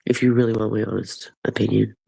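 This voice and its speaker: Low gravelly dude w a stuffy nose, swearing and rambling on his stream. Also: level tone, quick pace, warm tone, low-quality recording. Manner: rambling, profane, sardonic. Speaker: livestreamer. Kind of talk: casual livestream chat with viewers.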